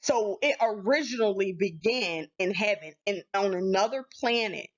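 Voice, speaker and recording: A woman hosting a spiritual video channel, talking casually and excitedly to her viewers and often calling them "y'all". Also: mid-range voice, normal speed. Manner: animated, addresses viewers as y'all. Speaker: channel host. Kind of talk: casual spiritual vlog talk. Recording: dull lo-fi sound.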